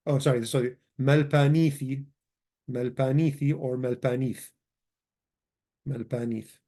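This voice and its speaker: Guy teaching a language class, warm mellow voice, keeps correcting himself. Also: medium pitch, slow. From Chaldean community. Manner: explains patiently, corrects himself often. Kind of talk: casual grammar lesson.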